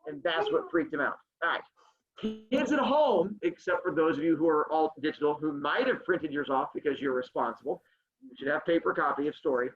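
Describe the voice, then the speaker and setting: Reading a story aloud to his class on a video call, a male teacher keeps breaking off to joke playfully with the kids. He sounds animated and fairly quick, his high voice rising and falling widely, while soft music plays behind the dull, muffled, low-fidelity audio.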